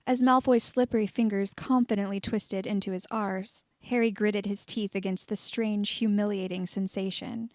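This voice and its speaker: A woman narrates a story in steady, even reading, her voice at an ordinary middle pitch. The sound is close and dry, recorded on a home microphone. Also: normal speed, few pauses, no room sound. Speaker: audiobook reader of fan fiction. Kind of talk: reading fiction aloud.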